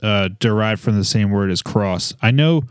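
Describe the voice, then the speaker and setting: A man's voice: on the low side, moderate pace, smooth, no echo, studio quality. A man co-hosting a casual Bible study podcast, chatty, jumping in with asides and fun facts. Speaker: podcast co-host.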